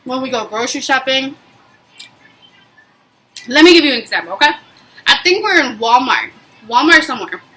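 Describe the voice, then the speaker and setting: Bright high-voiced woman vlogger. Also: normal speed, pauses often, slight background noise, rough recording. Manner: emphatic, animated retelling with frequent fillers. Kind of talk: casual storytelling vlog.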